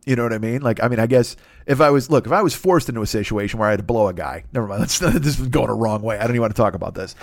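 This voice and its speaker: A man hosting a podcast, telling a crude comedic story in a rambling, profane way and often mimicking other people in high voices. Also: rapid-fire, creaky, hardly any pauses, no echo, studio quality. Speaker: podcast host.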